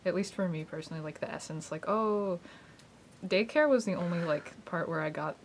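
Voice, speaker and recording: A woman's voice: on the low side, brisk, slight background noise. A woman co-hosting a casual podcast, talking in a chatty, hedging way and laughing easily. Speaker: podcast co-host. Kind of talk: casual chat.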